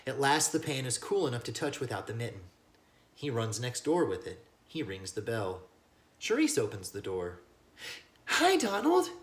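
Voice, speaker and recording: A man teaching as he reads a children's novel aloud, with lively asides that speak to young listeners. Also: medium pitch, normal speed. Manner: animated, addresses listeners as kiddos. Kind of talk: read-aloud storybook narration with lesson asides.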